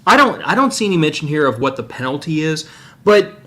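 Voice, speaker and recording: A man's voice: a little high, very animated, brisk, pushed and bright. A man hosting a podcast with his wife, ranting in a sarcastic, opinionated way in casual chat. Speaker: podcast host.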